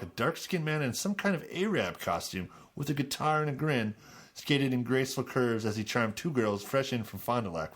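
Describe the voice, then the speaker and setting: A man hosting a podcast, reading aloud from a book in a relaxed, chatty way. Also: mid-range voice. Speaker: podcast host.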